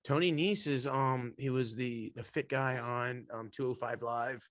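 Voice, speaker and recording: A man's voice: medium pitch, steady tone, fairly bright tone, dry recording. Laughing man, dry close sound. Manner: laughing, teasing, quick asides. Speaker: podcast co-host. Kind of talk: casual banter.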